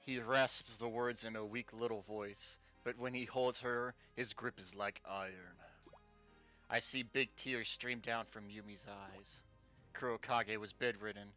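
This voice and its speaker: A man's voice: mid-range voice, sharp tone. Sarcastic male streamer reading a game. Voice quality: sarcastic, exasperated asides, swearing. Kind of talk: reading game text aloud with sarcastic commentary.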